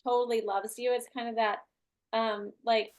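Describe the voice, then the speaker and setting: A woman's voice: fairly high pitch, level tone, normal speed. Chatty woman hosting a class. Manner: chatty, many "like" and "right?" fillers. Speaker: class host. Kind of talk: casual group class talk.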